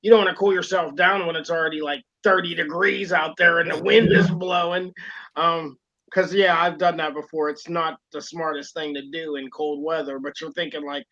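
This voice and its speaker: A man's voice: on the high side, steady tone, normal speed, bright, forceful tone, dull audio. A man co-hosting a wrestling podcast, talking casually and rambling with lots of fillers. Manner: rambling, lots of fillers and "you know what I mean". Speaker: podcast co-host.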